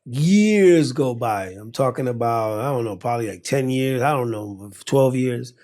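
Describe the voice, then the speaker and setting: A man who speaks natively, telling animated stories as an interview guest, acting out the voices and laughing often. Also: mid-range voice, normal speed. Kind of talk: animated storytelling in conversation.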